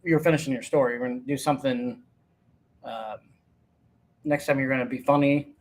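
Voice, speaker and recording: A man co-hosting a casual podcast, joking around and laughing often, with quick short replies. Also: medium pitch, steady tone. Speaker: podcast co-host. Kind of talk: casual chat.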